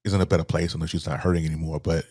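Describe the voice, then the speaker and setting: A middle-aged man, softly telling a personal story as a podcast guest, halting and restarting as he speaks. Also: rumbling low, level tone, slightly rough, dry recording, studio quality. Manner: soft-spoken, halting, with repeated restarts.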